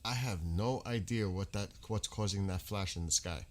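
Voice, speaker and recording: A man's voice: low voice, normal speed. New York man chatting on a livestream. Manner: chatty, answers viewers by name. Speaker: livestream host. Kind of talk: casual live-chat skywatching stream. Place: outdoors at night, dark rural area.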